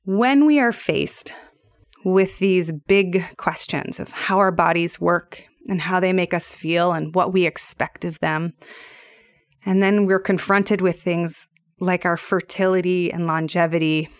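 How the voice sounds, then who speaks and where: A woman, probably in her thirties, hosting a reflective solo podcast in a gentle, earnest and measured way. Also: on the low side, no room sound, studio quality. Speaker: podcast host.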